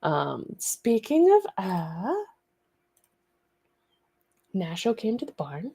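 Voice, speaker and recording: A woman's voice: mid-range voice, wildly swooping pitch, drawn-out words, gravelly, warm tone, husky. A woman hosting a casual studio livestream, chatty and rambling, laughing easily.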